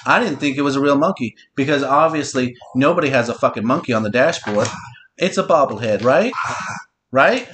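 A man's voice: mid-range voice, animated, a little fast, a bit bright, a little hiss or hum. A middle-aged man hosting a podcast and telling a long story in a casual, profane, teasing way. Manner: profane, teasing, talks to his listener directly. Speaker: podcast host.

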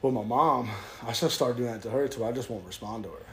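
A man's voice: mid-range voice, a little hiss or hum. A young man with a Southern US accent, telling stories in a casual podcast chat and acting out the people in them. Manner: fast-talking storyteller, animated quoting. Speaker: podcast guest.

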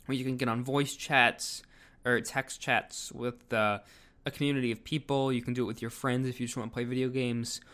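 A man's voice: medium pitch, flat delivery, moderate pace, a bit bright. A man giving casual video commentary, rambling with lots of fillers. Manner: rambling, filler-heavy delivery.

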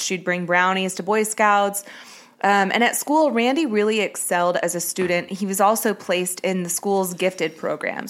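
A woman hosting a true-crime podcast, chatting casually and storytelling with a few ums. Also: medium pitch. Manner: chatty, reads names quickly with filler ums. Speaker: podcast host.

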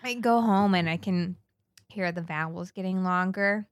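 A woman's voice: on the low side, moderate pace, dry recording, studio quality. Chatty woman with a Southern drawl. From Northern Florida. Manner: chatty, self-mocking, trailing restarts. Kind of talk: casual chat.

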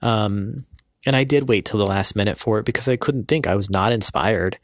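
Hesitant low-voiced man, close and dry. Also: dry recording. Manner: hesitant, many pauses and filler sounds. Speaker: person recounting a past marriage. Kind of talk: personal storytelling.

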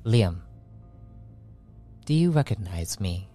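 A man voicing a dark metallic humanoid machine being in a tabletop game, speaking in a measured, knowing way. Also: fairly low pitch, sing-song, faint music behind, exaggerated voice. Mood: calm.

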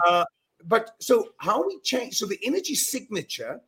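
A middle-aged man speaking as a guest on an interview podcast. He talks in an emphatic, earnest way, with quick restarts and repeated words. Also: very high voice, very animated, bright, forceful tone. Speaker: guest speaker on mind power. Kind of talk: animated storytelling in a podcast interview.

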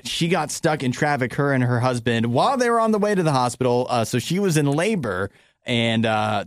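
A man's voice: mid-range voice, clean tone, dry recording, studio quality. A man hosting a radio show, telling news stories in casual banter with many "uh" fillers. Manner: relaxed storyteller with many "uh" fillers. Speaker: radio host.

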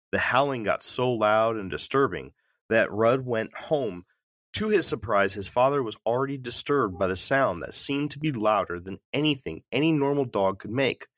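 Low-voiced male host reading folklore aloud, steady and measured. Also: no echo, clean studio sound. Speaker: podcast host reading stories.

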